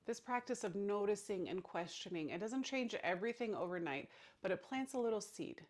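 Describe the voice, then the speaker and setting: A woman in her thirties talks gently in a reflective self-help talk. Her pace is slow and unhurried, and she lets key phrases fall to a soft hush. Her voice sits at an ordinary middle pitch for a woman. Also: animated. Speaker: therapist and burnout coach.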